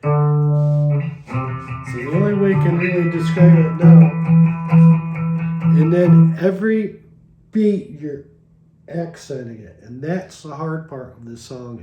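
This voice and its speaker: A man giving a casual guitar lesson, explaining in a slow, halting way with many restarts. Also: fairly high pitch, roomy sound, highs cut off. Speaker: guitar teacher. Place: recording studio. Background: guitar playing.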